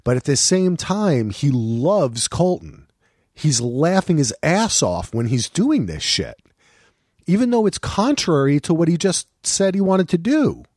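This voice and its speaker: Brief: middle-aged man, lively swinging pitch, animated swearing storyteller, dry close sound. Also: measured pace, no echo. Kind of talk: casual chat.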